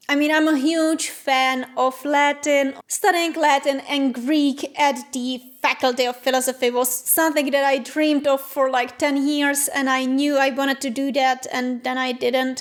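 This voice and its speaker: A young woman in her twenties hosting a casual vlog, chatty and self-deprecating, livening up as she tells stories. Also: high voice. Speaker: channel host and student.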